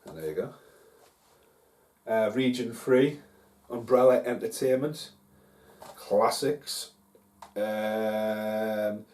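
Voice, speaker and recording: A man's voice: mid-range voice, a little slow, long pauses, a little mellow. A man hosting a casual film review vlog at home, rambling and swearing freely. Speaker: host. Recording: roomy, distant from mic.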